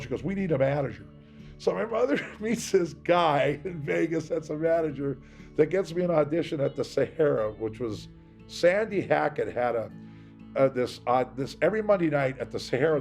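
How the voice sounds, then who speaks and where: A man's voice: a little high, gravelly, a little mellow. A man from Seattle giving a candid, rambling interview, acting out the voices of people he quotes. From Seattle, USA. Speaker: interviewee, singer.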